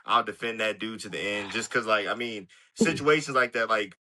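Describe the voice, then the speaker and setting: A man's voice: fairly low pitch, moderate pace, bright, forceful tone. A man co-hosting a casual sports podcast, talking loosely with lots of "like" and "you know". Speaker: podcast co-host.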